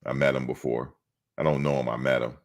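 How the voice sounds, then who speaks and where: A middle-aged man with an extremely deep, low voice hosts a sports live stream. He talks casually and bluntly, answering his chat in a streetwise way. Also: level tone, fairly quick. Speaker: sports channel host.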